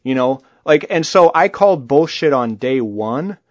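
A man's voice: medium pitch, measured pace, dry recording. Man, podcast co-host, blunt casual rant, swears, lo-fi dry recording. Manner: blunt, animated, swears freely. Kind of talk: casual political chat.

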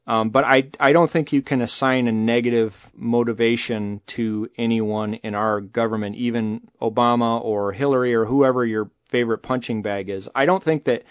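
A man's voice: mid-range voice, normal speed, hardly any pauses, no room sound, dull audio. A man co-hosting a podcast, talking casually and bluntly, cursing freely. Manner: blunt, animated, swears freely. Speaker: podcast co-host. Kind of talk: casual political chat.

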